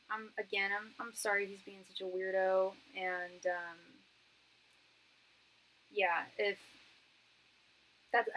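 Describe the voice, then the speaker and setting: A woman's voice: medium pitch, sharp tone, low-quality recording. A woman tarot reader doing a live-stream reading, talking in a chatty, slangy way, calling viewers girl and hon and thanking them for donations. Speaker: tarot reader and psychic medium.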